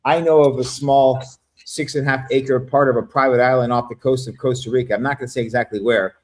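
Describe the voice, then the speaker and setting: A man's voice: mid-range voice, fairly even intonation, fast talker. A man in casual, profane chat on a livestream, rambling through stories and laughing at his own jokes. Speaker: livestream panel guest.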